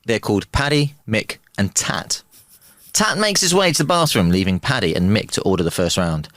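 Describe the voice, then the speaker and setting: A man's voice: fairly low pitch, lively intonation, moderate pace, a bit bright, no room sound, studio quality. A man, a podcast guest, telling jokes playfully and doing little voices for the characters. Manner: playful storyteller who does voices in jokes. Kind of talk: casual joke-telling chat.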